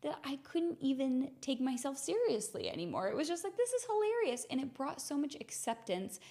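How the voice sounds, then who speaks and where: A woman's voice: high voice, animated, moderate pace, creaky, mellow. A woman hosting a mindfulness podcast, animatedly telling a personal story and acting out her own inner voice.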